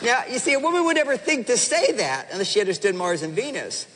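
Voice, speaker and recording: A man giving a seminar talk to a live audience, animated and playful, acting out the voices of husbands and wives. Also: extremely high pitch, fast talker, slight background noise. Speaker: relationship speaker. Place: large hall with audience. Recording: reverberant hall sound.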